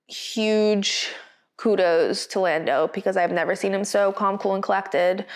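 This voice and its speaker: A woman co-hosts a podcast in a casual recap style. She talks in a chatty, expressive way with a mid-range voice. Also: medium pitch, measured pace. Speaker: podcast co-host.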